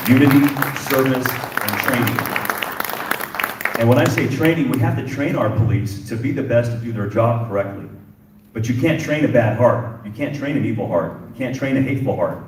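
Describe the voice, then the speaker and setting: Impassioned police chief in an echoey hall. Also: male voice, medium pitch, a little mellow, a little hiss or hum. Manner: impassioned, repeats phrases for emphasis. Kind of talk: speech at a community symposium. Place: event hall indoors. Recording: echoey room with distant mic.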